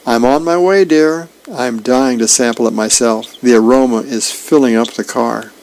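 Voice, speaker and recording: A man reading out the lines of a cheerful housewife excited about a dessert, in a bubbly, gushing manner. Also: mid-range voice, normal speed, lightly acted, poor audio.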